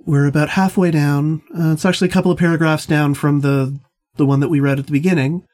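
Thoughtful literature instructor, mid-pitched. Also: fairly even intonation, fast, darkish tone. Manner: thoughtful, with frequent restarts and hedges. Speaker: instructor leading discussion. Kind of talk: literature seminar lecture.

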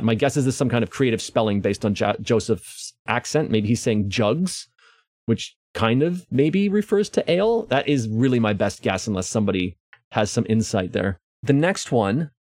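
A man's voice: lowish voice, a little mellow, no echo. A man from Canada hosting a podcast, musing casually about old dialect words with frequent ums and uhs. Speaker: podcast host. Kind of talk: casual book discussion.

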